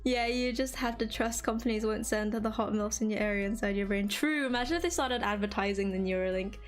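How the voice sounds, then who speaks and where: Talking fairly quickly in a medium-pitched voice, a young woman from England rambles chirpily to her stream viewers. She leans heavily on fillers in the casual chat, and faint music plays behind her.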